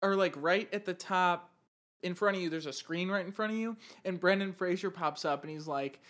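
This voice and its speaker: A woman's voice: fairly low pitch, normal speed. Woman animatedly retelling a story. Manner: animated storytelling, laughing, swearing. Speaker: podcast co-host. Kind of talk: casual chat.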